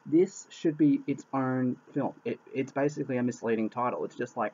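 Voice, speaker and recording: A man rants through a casual movie review, exasperated and quick to swear, circling back to the same complaints again and again. His voice sits at an ordinary middle pitch. The recording is dull and lo-fi. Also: darkish tone, a little hiss or hum. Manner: exasperated, swears a lot, repeats himself. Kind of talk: casual spoken film review.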